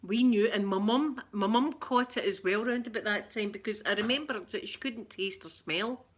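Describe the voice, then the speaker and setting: With a medium-pitched voice at a moderate pace, a middle-aged Glaswegian woman from Scotland hosts an ASMR livestream. She chats casually with viewers, laughing a lot and repeating what she says.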